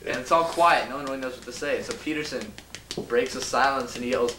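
A man's voice: medium pitch, fairly quick, pushed and bright. A middle-aged man casually telling a rambling anecdote to friends, laughing and acting out what people said. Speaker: storyteller. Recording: roomy, distant, noisy home recording.

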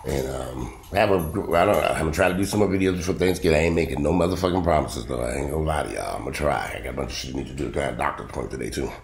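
A man's voice: very deep voice, very fast, gravelly, hardly any pauses, slight background noise. A man, rambling bluntly and profanely to camera in a casual vlog. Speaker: vlogger. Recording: roomy echo.

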